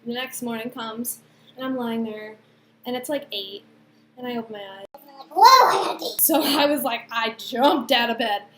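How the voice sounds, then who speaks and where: A young woman in her twenties telling a personal story to camera, chatty and animated, with lots of fillers and acted-out quotes. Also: on the high side, unhurried, long pauses. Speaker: vlogger. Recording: echoey room, faint background noise.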